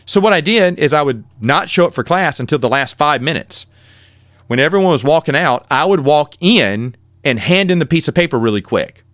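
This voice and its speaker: A man's voice: a little high, moderate pace, no room sound, studio quality. A middle-aged man telling his own college stories in a casual, rambling way, often correcting himself mid-sentence. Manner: rambling, animated, with self-corrections. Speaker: podcast host. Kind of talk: casual storytelling monologue.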